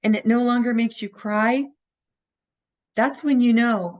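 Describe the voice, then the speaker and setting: A woman's voice: fairly high pitch, fairly even intonation, a little slow, pauses often, a little mellow, lo-fi sound. A woman teaching a recorded course, talking earnestly and coaching her listeners with rhetorical questions. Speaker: teacher of an inner-child healing course.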